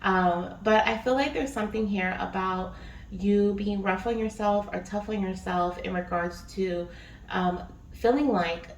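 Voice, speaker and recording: A woman's voice: mid-range voice, a little slow. Woman, spiritual reader, casual rambling talk, distant mic, roomy echo, faint noise. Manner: chatty, rambling with many fillers. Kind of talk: casual intuitive reading.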